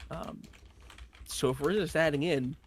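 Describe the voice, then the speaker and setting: A man co-hosting a casual movie discussion, thinking aloud in a measured, agreeable way. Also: fairly high pitch, a little hiss or hum. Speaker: co-host of a movie discussion show.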